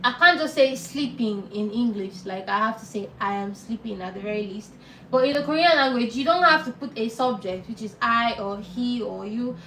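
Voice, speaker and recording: A woman teaching a live online language lesson, patiently explaining and repeating words slowly. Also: a little high, a bit bright, far from the mic. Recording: roomy echo, off-mic, faint noise.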